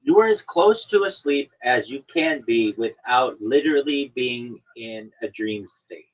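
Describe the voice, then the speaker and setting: A man's voice: mid-range voice, lively intonation, measured pace. A man hosting a podcast over an online call, chatting casually and teasing his guest in a mock-lecturing way. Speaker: podcast host. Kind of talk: casual chat. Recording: dull lo-fi stream audio.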